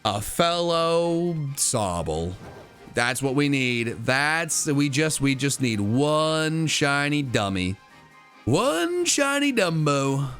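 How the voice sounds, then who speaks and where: A man voicing a gullible, dim-witted little water creature in a slow, dopey drawl. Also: fairly high pitch, very animated, a bit bright, soft background music, heavily acted. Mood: dopey wonder.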